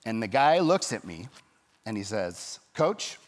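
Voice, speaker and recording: A man pastor preaching a sermon, telling a story in a lively way and acting out the people in it. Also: fairly low pitch, unhurried. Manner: storytelling, animated, acts out quoted voices.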